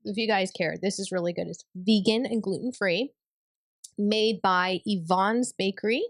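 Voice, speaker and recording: A woman's voice: medium pitch, moderate pace, no echo, studio quality. A woman, hosting a casual chat in a bubbly, giggly way. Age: 30s. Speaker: podcast host.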